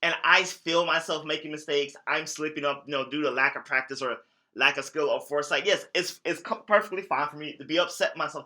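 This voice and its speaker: Bright-voiced man with a mid-range tone. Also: a little high, fast. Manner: relaxed, earnest, fills with "you know" and "like". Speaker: podcast co-host. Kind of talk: casual chat.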